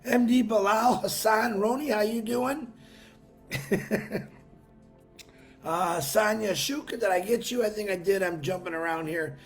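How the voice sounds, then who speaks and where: High-voiced, worn-out male livestream host. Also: measured pace, pauses often, faint music behind. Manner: upbeat, calls out viewers by name with bursts of excitement. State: worn-out voice from a busy weekend. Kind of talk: live stream chat greeting viewers.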